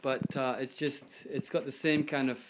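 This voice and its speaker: A man's voice: medium pitch, flat delivery, moderate pace, background noise. Chatty man filming at home. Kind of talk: home video conversation. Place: in a home, indoors.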